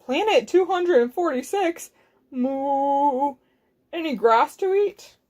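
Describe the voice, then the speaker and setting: A woman's voice: high voice, extremely slow, mellow. A woman doing a mild, bewildered talking cow. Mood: plaintive. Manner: mild, plaintive mooing speech. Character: gentle, bewildered female cow from Earth.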